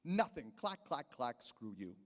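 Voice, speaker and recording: A man's voice: medium pitch, sing-song, measured pace, a bit bright, big-room sound. A man in his thirties doing a chatty stand-up set in a casino, telling stories and acting out the people in them. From Canada. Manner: chatty storytelling, acts out quoted voices. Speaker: stand-up comedian. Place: casino stage.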